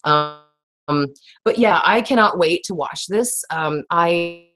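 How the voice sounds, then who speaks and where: A woman, hosting a casual livestream chat, rambling and reading out viewer comments in a raspy voice. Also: lowish voice, takes it slowly, fairly bright tone, faint music behind. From Texas. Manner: rambling, laughs often, reads viewer comments. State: raspy today. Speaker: livestream host.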